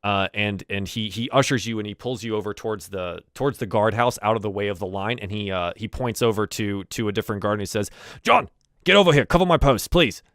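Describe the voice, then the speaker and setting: A man narrating a tabletop game as game master, pausing often to find his words. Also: on the low side, steady tone, fairly bright tone, dry recording, clean studio sound. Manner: halting, searching for words.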